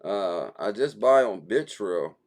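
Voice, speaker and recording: A man's voice: on the low side, animated, slow pace, a little mellow. A man hosting a daily crypto livestream, chatting casually and reading out viewer comments, with a laid-back, slangy manner and easy laughter.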